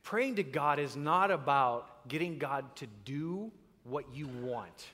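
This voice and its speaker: A male pastor mixes scripture with comic storytelling. His voice sits high and swings a lot. A long reverb trails behind it, as in a big hall. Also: takes it slowly. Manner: animated, acts out voices.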